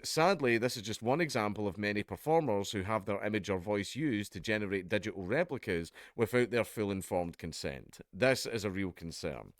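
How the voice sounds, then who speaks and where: A man's voice: lowish voice, no echo, clean studio sound. A man with a Scottish accent, chatting casually as he reads out and comments on a news article, swearing and laughing now and then. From Scotland. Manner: chatty, swears, laughs at his own jokes. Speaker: YouTube commentator.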